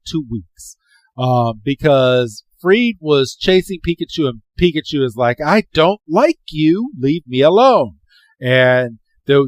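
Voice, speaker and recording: A man's voice: mid-range voice, no room sound. A man hosting a podcast, casually recapping a cartoon episode in a loose, slangy storytelling way, acting out the characters' quotes. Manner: animated storyteller, acts out quotes, frequent "he's like"; loose and slangy, many "um" fillers. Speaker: podcast host.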